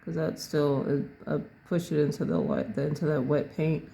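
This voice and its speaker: A painting teacher talks through a tutorial in a gravelly voice with a dark, mellow tone. They take their time and think aloud about each step of the work. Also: mid-range voice, fairly even intonation, moderate pace, slight background noise. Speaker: painting instructor.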